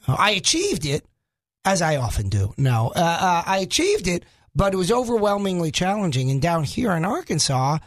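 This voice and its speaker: A man from New York sits in as a talk radio host, his voice pitched high for a man. He jokes at his own expense and wanders off into asides while chatting in the studio. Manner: joking, self-mocking, rambling asides.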